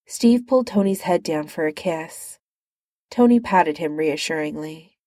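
A woman's voice: sits low, expressive, slow pace, warm tone, dry recording, studio quality. A woman narrating fan fiction in a light, amused reading style.

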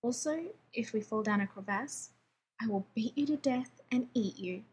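A woman's voice: on the high side, moderate pace, a little mellow, a little hiss or hum, close to an everyday voice. A woman voicing a grumpy, demanding male scientist who talks in a snappish, sarcastic way, read as part of a story.

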